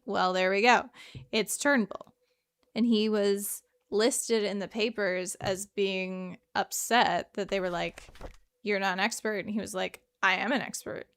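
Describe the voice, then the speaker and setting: A woman's voice: a little high, a bit bright. A woman giving chatty, joking commentary while playing a detective game. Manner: chatty, joking, laughs often. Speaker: game streamer. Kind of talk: casual gameplay commentary.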